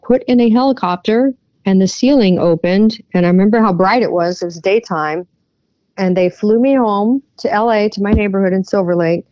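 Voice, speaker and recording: A woman who is a guest on an interview podcast, earnestly retelling a personal experience and often pausing on fillers. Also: mid-range voice, dark tone, dry recording.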